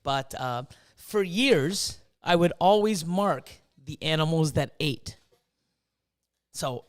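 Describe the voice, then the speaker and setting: Animated high-voiced man, swearing freely. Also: normal speed. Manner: animated, swears often, acts out his own past reactions. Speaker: host. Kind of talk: casual chat.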